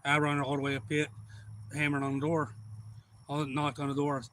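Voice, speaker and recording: Bright-voiced man telling stories. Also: on the high side, moderate pace, a little hiss or hum. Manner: rambling, excitable anecdote-telling. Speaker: livestream host. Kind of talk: casual storytelling.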